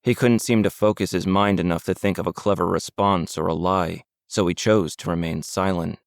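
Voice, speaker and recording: Audiobook narrator, male, deep gravelly voice, steady and measured. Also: no room sound, clean studio sound. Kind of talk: scripted narration.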